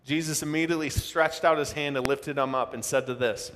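A man's voice: a little high, fairly even intonation, brisk, few pauses. Male pastor, dramatic preaching delivery, reverberant church hall. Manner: preaching with sudden loud outbursts and dramatic quoted voices. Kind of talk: sermon. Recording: long reverb of a large hall.

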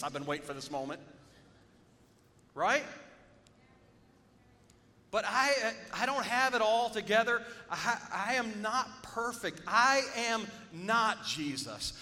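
A joking pastor preaching in a hall. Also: male voice, pushed and bright. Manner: conversational, joking, calls on the congregation. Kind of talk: sermon. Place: church sanctuary. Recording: reverberant hall with faint rumble.

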